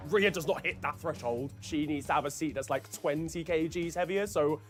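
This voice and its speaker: A man's voice: fairly high pitch, moderate pace, soft background music. A man narrating a racing video in an upbeat storytelling way.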